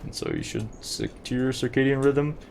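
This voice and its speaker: A man's voice: mid-range voice, huge pitch swings, normal speed, gravelly, darkish tone, a little hiss or hum. A young man streaming a game, chatting casually and rambling to his viewers while he plays. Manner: chatty, rambling, talks to chat while playing. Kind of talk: casual gameplay commentary.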